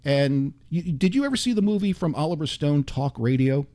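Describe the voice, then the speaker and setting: An older man with a warm, low-lit tone sits in a radio studio as a guest. He tells his stories in an animated way, full of quick asides and restarts. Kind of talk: storytelling interview chat.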